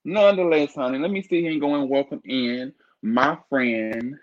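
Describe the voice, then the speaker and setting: A man hosting a casual livestream, talking in a sassy, flamboyant way with drawn-out exclamations. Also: mid-range voice. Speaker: livestream host. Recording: dull lo-fi stream audio.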